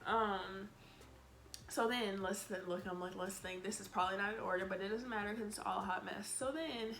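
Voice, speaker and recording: A medium-pitched, fairly quick woman vlogger relays a storytime bluntly and with exasperation. Cussing freely, she animatedly plays out what she said back then.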